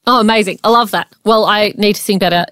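A woman's voice: mid-range voice, fast, a bit bright, no room sound, clean studio sound. A woman co-hosting a podcast, giving an earnest, coaching pep talk straight to listeners. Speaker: podcast co-host.

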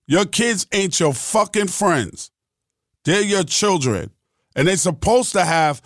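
Middle-aged male podcast host, blunt and profane, slightly high voice, dry close sound. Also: a bit bright, no echo. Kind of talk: podcast monologue.

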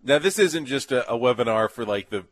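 A man's voice: medium pitch, lively intonation, a little fast. A male radio co-host chatting casually with a wry manner. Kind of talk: casual chat.

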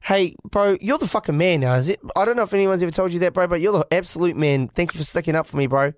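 A man's voice: sits high, fast talker, a little hiss or hum. A man with a New Zealand accent hosting a podcast in casual, sweary, matey chat. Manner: sweary, animated and matey, calls people bro. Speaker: podcast host.

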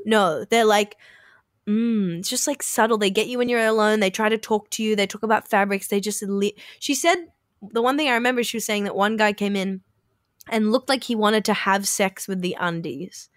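In clean studio audio with no room sound, a podcast co-host shares a casual story at a fairly quick clip. She has a medium-pitched voice and speaks chattily, performing the quoted lines of the people involved.

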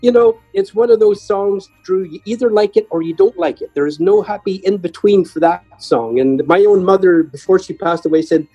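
An older man, a guest musician, telling humorous stories in a chatty, lively way. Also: high-pitched, moderate pace, few pauses, slightly rough, dull audio, faint music behind. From Ireland. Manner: chatty, humorous anecdotes with lively voiced quotes. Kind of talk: conversational storytelling.

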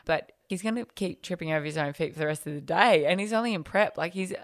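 A woman's voice: lowish voice, quick pace, no echo, clean studio sound. A woman co-hosting a casual chat show, telling stories animatedly and acting out the quotes with giggles. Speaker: podcast co-host.

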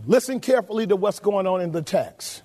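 A man pastor delivering a sermon, questioning the congregation, shouting some lines and dropping to a low murmur on others. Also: animated, fairly quick. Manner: preaches with shouted emphasis and sudden drops to a low murmur.

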